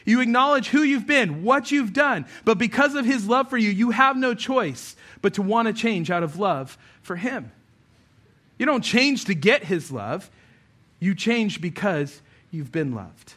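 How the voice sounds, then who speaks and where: A man preaching a sermon as a pastor, moving between impassioned appeals and relaxed conversational asides. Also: sits high, measured pace. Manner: impassioned, rising to intense appeals.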